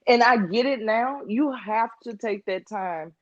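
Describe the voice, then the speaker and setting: A woman's voice: fairly high pitch, unhurried, few pauses, dry recording. A chatty woman co-host tells stories and teases her friends, putting on little voices. The sound is dry and a little muffled, like a modest home setup. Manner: animated storyteller, laughs often, mimics friends. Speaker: podcast co-host. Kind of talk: casual chat.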